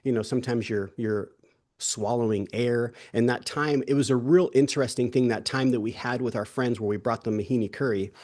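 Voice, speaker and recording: A man's voice: medium pitch, brisk, a little mellow. An easygoing young adult man co-hosts a wellness talk. He rambles with plenty of restarts and asides and throws in playful jokes. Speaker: co-host of a wellness summit. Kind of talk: casual conversational chat.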